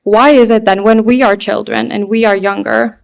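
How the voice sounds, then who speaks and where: A woman from Finland, a pageant contestant, giving a deliberate, heartfelt prepared speech full of rhetorical questions. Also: fairly high pitch, fairly even intonation, vocal fry, low-quality recording.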